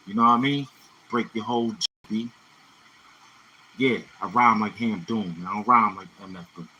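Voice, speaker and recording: A man's voice: on the low side, moderate pace, long pauses, over music, low-quality recording. A man from Brooklyn, hosting a casual livestream and chatting loosely between freestyle rhymes, tagging his lines with "you know what I'm saying.". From Brooklyn, New York City. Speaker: livestream host.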